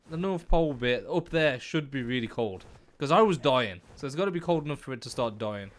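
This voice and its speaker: Excitable young man narrating gameplay. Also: fairly high pitch. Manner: excitable, talks to the animals, exclaims often. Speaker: gaming YouTuber. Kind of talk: let's play commentary.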